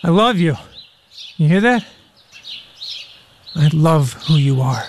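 An actor playing a rough-edged alcoholic father in a radio drama. He turns from blustering threats to gruff tenderness, and a faint hiss sits behind him. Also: on the high side, animated, slow. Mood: tender. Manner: swings between bullying and tender. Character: volatile alcoholic father, hard-living man.

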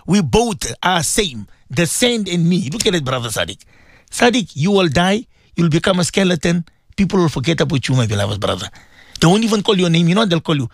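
A man's voice: on the high side, very animated, a little fast, gravelly, no echo, clean studio sound. A man giving an impassioned radio sermon, repeating himself and calling out to his listeners. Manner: fervent, repetitive, calls out to listeners. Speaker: radio religious teacher.

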